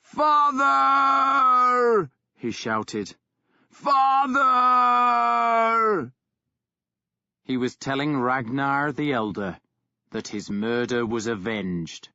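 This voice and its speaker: A man narrating a historical novel in a measured, grave storytelling manner. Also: medium pitch, a bit bright, no echo, muffled recording. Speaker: audiobook narrator.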